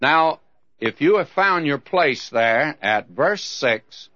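Folksy radio Bible teacher, animated. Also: male voice, a little high, slow. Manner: folksy, emphatic preaching. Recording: dull lo-fi radio recording.

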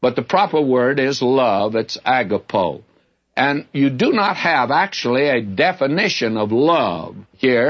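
A man's voice: medium pitch, a bit bright, husky. An older man teaching the Bible in a sermon, candid and folksy, telling stories from his own ministry. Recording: dull lo-fi recording.

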